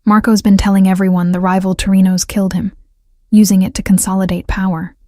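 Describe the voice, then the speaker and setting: A woman reading the lines of a rough, hulking male mafia enforcer, terse and gruff. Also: medium pitch, level tone, fast, mellow, no echo, clean studio sound, lightly acted.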